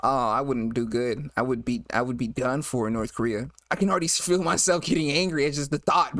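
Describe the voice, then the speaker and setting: A man's voice: medium pitch, fairly quick, hardly any pauses, fairly bright tone, no echo, clean studio sound. A man casually reacting to a video, joking in slang and laughing often.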